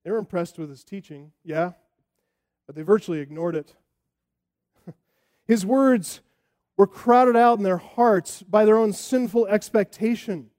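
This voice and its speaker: A man preaching a sermon as pastor, expressive and full of rhetorical questions. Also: high voice, unhurried, pauses often.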